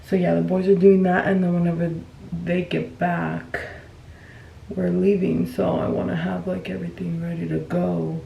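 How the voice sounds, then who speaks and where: A woman's voice: fairly low pitch, flat delivery, moderate pace, creaky, highs cut off, a little hiss or hum. A woman in her thirties, a mother, chatting casually to camera in a vlog and sometimes a little out of breath. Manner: chatty, talks straight to camera. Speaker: vlogger.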